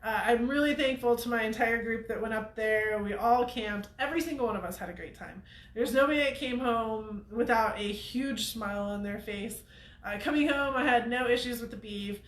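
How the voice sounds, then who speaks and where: A woman's voice: on the high side, normal speed, roomy sound. A woman hosting a weekly show, telling a story to viewers in a chatty way and laughing often. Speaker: host of a weekly off-road show.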